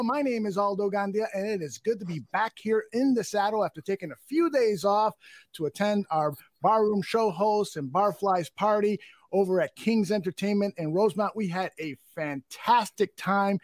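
A high-pitched man hosts a football podcast, telling stories in an upbeat, chatty way. His voice sits close and dry. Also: normal speed, no echo. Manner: upbeat, chatty storyteller with laughs. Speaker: podcast host. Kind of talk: casual football talk.

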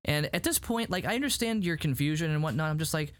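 A man hosting a casual chat, recapping a show in an animated, rambling way full of "like". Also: on the high side, fast, no echo, studio quality. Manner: animated, rambling, heavy use of "like". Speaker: podcast host recapping a show.

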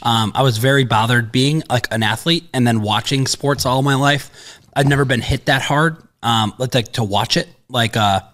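A man's voice: medium pitch, moderate pace, fairly bright tone. A man co-hosting a sports betting podcast, talking bluntly and casually, often stumbling and restarting.

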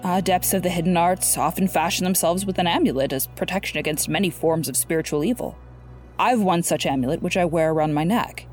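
Cautious male sorcerer, measured and deferential, faint music bed, read by a woman. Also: lowish voice, a little mellow, lightly acted.

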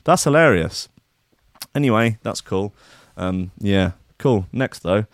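Low-voiced irreverent male news host. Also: animated, slow pace, no echo, studio quality. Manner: irreverent, profane, rambling asides. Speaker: podcast host. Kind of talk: casual news commentary.

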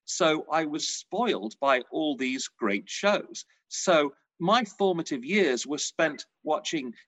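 A man's voice: a little high, slow, no room sound, poor audio. Chatty man, dry sound. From England. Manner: chatty storyteller, animated. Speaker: showbiz journalist guest. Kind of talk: casual interview chat.

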